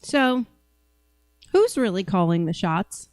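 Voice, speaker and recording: A woman's voice: mid-range voice, sing-song, slow pace, a little mellow, dry recording. A woman hosting a podcast, giving blunt, sarcastic commentary on news clips. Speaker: podcast host.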